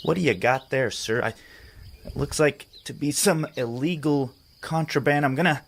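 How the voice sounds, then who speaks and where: A man's voice: a little high, normal speed, creaky, slight background noise. Male actor as a bumbling, officious marmot inspector, stammering.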